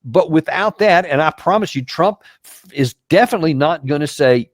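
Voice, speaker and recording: A man's voice: on the high side, lively intonation, moderate pace, no echo, studio quality. A man hosting a show, giving emphatic, incredulous commentary on news clips. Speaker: host and military commentator.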